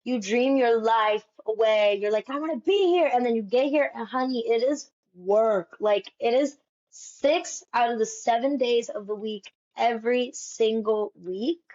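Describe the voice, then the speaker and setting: A Broadway actress telling stories in a casual interview, animated and peppering her talk with "like". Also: on the high side, unhurried. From United States. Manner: animated, fills speech with "like". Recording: dull lo-fi sound.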